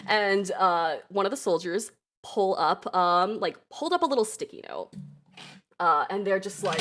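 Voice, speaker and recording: A woman's voice: mid-range voice, animated, measured pace, a bit bright. A woman narrating a tabletop game as game master, giggling and laughing often.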